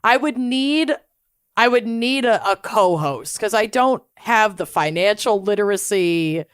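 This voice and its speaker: A woman's voice: medium pitch, expressive, measured pace, clear, resonant tone, no echo, studio quality. A woman co-hosting a podcast in casual, playful chat. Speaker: podcast co-host.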